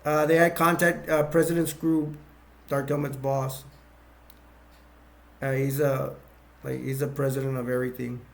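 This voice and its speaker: A man's voice: mid-range voice, little pitch movement, moderate pace, vocal fry, long pauses. A man casually retelling a movie plot as a reviewer, rambling with lots of fillers and restarts.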